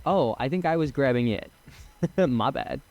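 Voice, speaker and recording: A young man giving casual let's-play commentary as a gaming streamer, chatty and excitable, swearing and laughing as he plays. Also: medium pitch, measured pace, creaky, highs cut off.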